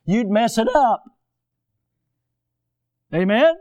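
High-voiced preacher telling animated stories. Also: male voice, moderate pace. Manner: animated storytelling, acts out voices. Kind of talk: sermon.

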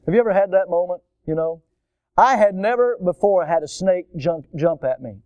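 A middle-aged man, preaching a storytelling sermon and acting out voices and shouts from his tales. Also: high voice, smooth, no echo. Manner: animated, acts out voices and shouts in stories. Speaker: preacher at a school chapel.

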